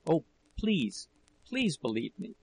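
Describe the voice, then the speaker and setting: A man's voice: mid-range voice, takes it slowly, vocal fry, darkish tone, slightly rough, exaggerated voice, poor audio. A man voicing a desperate young wife who pleads with her husband, breaking into whispers. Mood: pleading.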